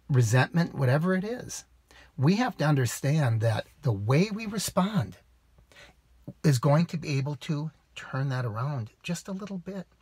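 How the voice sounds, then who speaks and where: A man's voice: a little high, breathy edge, no room sound. A man vlogging about rideshare driving outdoors, giving earnest, preachy advice to camera with rhetorical questions. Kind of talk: casual advice monologue to camera.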